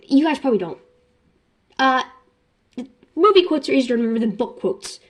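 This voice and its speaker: A woman's voice: on the high side, expressive, normal speed, pauses often. A young woman vlogger chatting casually about books. She rambles with self-deprecating jokes. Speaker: book vlogger. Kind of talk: casual chat.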